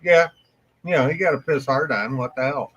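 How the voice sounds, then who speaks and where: A man's voice: medium pitch, normal speed, a bit bright, a little hiss or hum. A man co-hosting a morning show, telling rambling, crude anecdotes with laughs in casual chat. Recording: dull lo-fi live stream audio.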